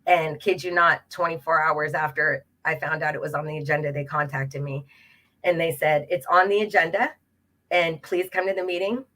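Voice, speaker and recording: A woman's voice: low-pitched, normal speed. A woman, a local progressive club president, telling a campaign story casually, with many fillers and acted-out quotes. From Los Angeles area, California. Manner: animated, many fillers, acts out quoted exchanges. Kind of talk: casual storytelling on a web talk show.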